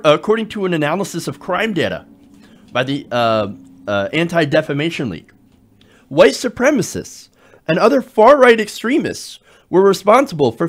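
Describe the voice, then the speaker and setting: A man giving emphatic political commentary, repeating key words for effect. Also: a little high.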